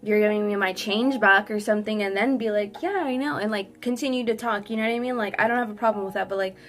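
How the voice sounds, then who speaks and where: A young woman vlogger telling a sassy, animated storytime while doing her makeup. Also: medium pitch, quick pace, soft background music. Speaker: beauty vlogger. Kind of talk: get-ready-with-me storytime.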